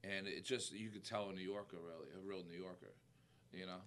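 A man's voice: low voice, steady tone, fairly quick, fairly bright tone, slight background noise. A man from New York with a New York accent, a music manager talking casually and enthusiastically, full of fillers. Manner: enthusiastic, repeats "incredible", many fillers. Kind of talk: casual interview talk.

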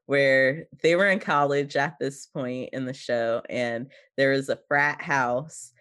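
A relaxed podcast co-host chatting casually about horror and an old TV episode, joking and rambling a bit. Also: medium pitch, slow. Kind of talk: casual movie review chat.

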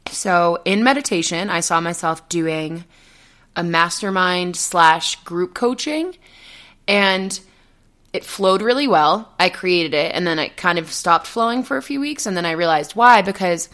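A woman's voice: fairly low pitch, animated, a little slow, a bit bright. A young woman hosting a solo podcast, talking earnestly and rambling, with frequent "okay?" check-ins and nervous giggles. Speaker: podcast host and coach. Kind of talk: casual solo podcast monologue.

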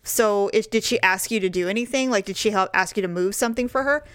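A woman's voice: fast talker, no echo. Chatty woman co-host, gossipy storyteller, dry close sound, big swings into put-on voices. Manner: animated, jumps into high put-on voices when quoting people. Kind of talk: casual chat, storytelling.

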